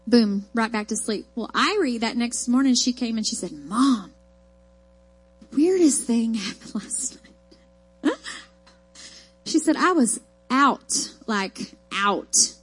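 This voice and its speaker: A woman's voice: on the high side, expressive, slow pace, long pauses, breathy edge, faint music behind. A woman preaching a sermon, mixing folksy personal stories with emphatic, rising declarations.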